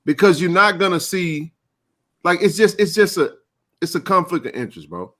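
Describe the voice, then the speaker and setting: A man's voice: high-pitched, lively intonation, moderate pace, sharp tone. A man hosting a live sports chat stream, talking casually in slang and often repeating himself.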